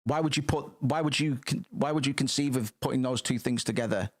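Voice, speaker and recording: A man streaming casually and reacting to music, rambling and excitable, with frequent swearing. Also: mid-range voice, a little fast.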